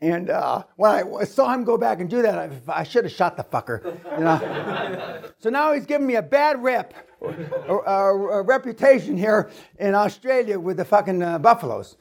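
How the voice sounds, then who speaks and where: A man speaking at a seminar, telling a story to the room in a loud, profane way and acting out sounds as he goes. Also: high voice, moderate pace, vocal fry. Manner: profane, lively storyteller who acts out sounds. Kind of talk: storytelling to a live audience.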